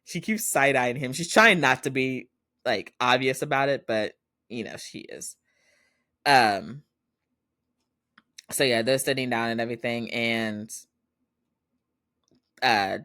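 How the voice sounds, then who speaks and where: A chatty male podcast host retelling a drama episode in casual talk. He laughs often and slips into the characters' lines as he goes. His voice sits at an ordinary middle pitch and sounds dry and close to the mic. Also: pushed and bright, dry recording.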